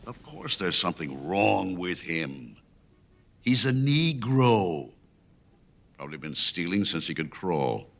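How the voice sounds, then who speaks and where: An actor playing a snobbish elderly rich broker, speaking in a slow, scornful drawl. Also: male voice, low-pitched, very animated, creaky, a bit bright, heavily acted.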